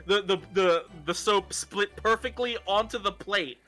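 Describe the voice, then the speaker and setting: A man's voice: high voice, a little slow, bright, forceful tone, soft background music. A man streaming a game, chatting casually with a friend, rambling, swearing and laughing as he goes. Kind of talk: casual gaming chat.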